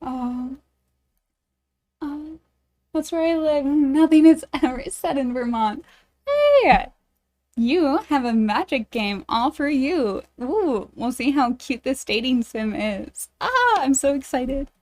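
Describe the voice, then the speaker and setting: A woman's voice: high-pitched, lively intonation, slow, darkish tone. A woman streaming a dating game, reading it aloud and chatting with her viewers in a bubbly, giggly, self-deprecating way.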